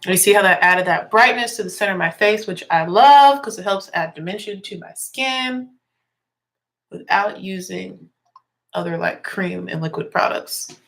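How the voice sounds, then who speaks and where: A woman's voice: mid-range voice, animated, normal speed, gravelly, fairly bright tone. A young woman with a slightly congested voice, chatting casually through a makeup tutorial and explaining each step as she works. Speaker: music teacher and beauty vlogger.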